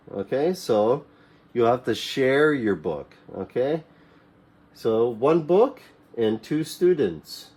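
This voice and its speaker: A man teaching a classroom English lesson to young learners, repeating simple commands slowly for them to echo. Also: medium pitch, a little mellow. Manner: slow, repeats phrases for students to echo; mimics classroom commands in a raised voice.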